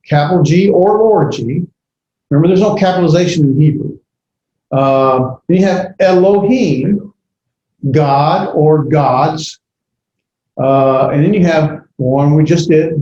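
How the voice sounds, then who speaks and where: A man lecturing a class on grammar, pausing often with fillers and correcting himself. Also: a little high, mellow. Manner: halting, many fillers and self-corrections. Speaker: Bible language teacher. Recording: echoey classroom, dull lo-fi audio.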